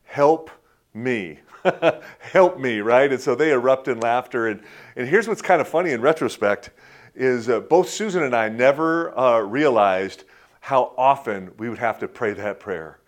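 Folksy middle-aged preacher, halting and chuckling. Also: male voice, medium pitch. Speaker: pastor. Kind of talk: conversational sermon with personal stories.

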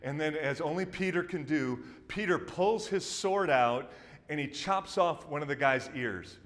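A male pastor in his thirties preaching a sermon, telling the story in an animated way, rising to loud excitement and dropping to hushed intensity. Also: on the high side, a little slow, in a large hall.

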